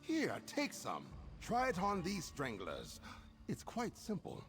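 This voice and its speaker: A man's voice: high voice, huge pitch swings, slow pace, a bit bright, soft background music, exaggerated voice. An actor playing a boastful male alchemist in a game, showing off his invention with grand delivery.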